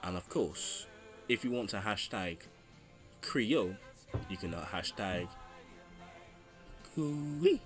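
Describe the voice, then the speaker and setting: A low-pitched man reads a history narration, then rambles through an earnest, jokey sign-off. Faint music runs quietly under his voice. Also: big pitch swings, slow, pauses often. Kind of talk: read history narration and casual outro.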